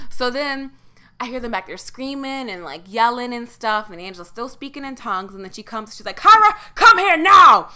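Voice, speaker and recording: A young woman co-hosting a podcast tells a story casually and with animation, laughing a lot and cursing freely. Her voice is smooth and medium-pitched.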